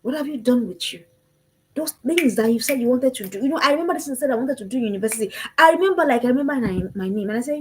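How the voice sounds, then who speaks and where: A woman's voice: fairly high pitch, expressive, quick pace, a little mellow, a little hiss or hum, rough recording. A woman gives an impassioned motivational talk to parents. She speaks emphatically and repeats her calls to action.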